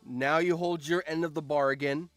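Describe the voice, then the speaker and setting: A man's voice: a little high, fairly even intonation, moderate pace, a bit bright, no echo, soft background music, close to an everyday voice. A man voicing a scheming elf who calls in a bargain, matter-of-fact. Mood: demanding. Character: scheming elf making a deal.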